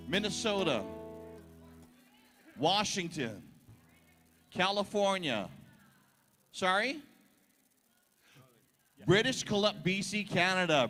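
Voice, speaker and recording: Jokey Hawaiian festival emcee in a hall. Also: male voice, high voice, big pitch swings, slow, pauses often, fairly bright tone, faint music behind. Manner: jokey, chatty, playful with the audience. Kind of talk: stage emcee banter with a crowd. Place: large ballroom stage. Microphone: stage microphone through PA. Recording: reverberant hall over PA.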